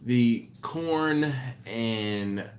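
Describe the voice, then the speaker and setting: Male live stream host, worn out and yawning, slow and rambling, apologizes often as he reads viewer chat. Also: mid-range voice, a little hiss or hum. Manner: rambling, self-correcting, apologetic. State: tired, yawning late at night. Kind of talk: casual live chat reading viewer comments.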